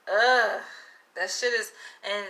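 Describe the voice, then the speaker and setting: A young adult woman talks straight to her viewers in a loose monologue. She is blunt and animated and swears freely. Her voice is bright and sharp, with the middle pitch of a woman. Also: slow pace. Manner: blunt, profane and animated, with frequent laughs. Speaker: vlogger. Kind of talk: casual monologue to camera.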